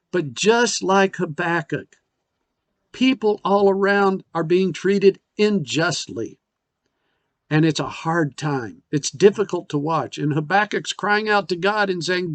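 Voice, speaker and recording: Guy preaching a sermon, kinda high voice, earnest, swings up and down on the scripture bits, dry close sound. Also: dry recording. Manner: earnest, paraphrasing scripture with rising and falling emphasis. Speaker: missionary preacher.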